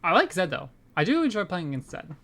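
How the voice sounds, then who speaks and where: A man's voice: high-pitched, sing-song, fast talker, gravelly, pushed and bright. Chatty man thinking aloud over a card game. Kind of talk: casual gameplay commentary. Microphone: desk microphone.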